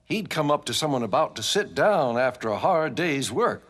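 A man telling a folk tale with animated delivery, sound effects and sudden shouts. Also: on the high side, moderate pace, a little hiss or hum. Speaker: storyteller. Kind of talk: folk storytelling with banjo. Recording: banjo music under the voice.

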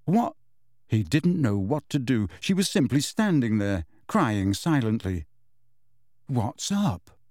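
Brief: male storybook narrator, measured and expressive, mid-pitched, dry and close. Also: no echo. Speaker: audiobook narrator. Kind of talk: scripted narration.

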